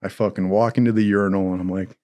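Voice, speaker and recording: A man telling a comic story in a casual, profane, animated way. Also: deep voice, fast talker.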